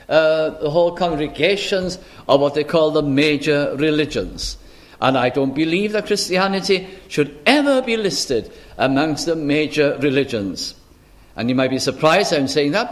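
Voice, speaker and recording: A man preaching an expository sermon, earnest and measured, with frequent restarts and emphatic pauses. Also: on the high side.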